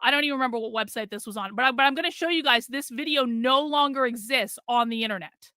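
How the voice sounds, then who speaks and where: A woman's voice: high voice, fast, sharp tone, no room sound. A middle-aged woman on a live stream, ranting in fury, swearing and repeating herself. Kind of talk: angry live stream rant.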